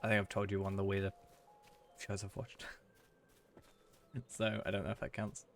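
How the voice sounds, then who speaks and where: A man's voice: lowish voice, monotone, normal speed, gravelly, faint music behind. Chatty young man streaming a game. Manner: chatty and self-mocking, with frustrated rants. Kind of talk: casual live-stream chat while gaming.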